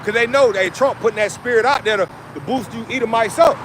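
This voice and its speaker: A man's voice: very high-pitched, fast talker. A man preaching to a street audience in slang, with constant asides like "man" and "you see". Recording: outdoor street noise.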